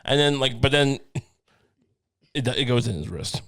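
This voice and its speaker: A man's voice: medium pitch, lively intonation, normal speed, a bit bright, clear, resonant tone. A man co-hosting a comedy podcast, rambling and profane, often dropping into mocking impressions. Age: adult, went through Catholic school. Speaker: podcast co-host. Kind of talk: irreverent comedic banter.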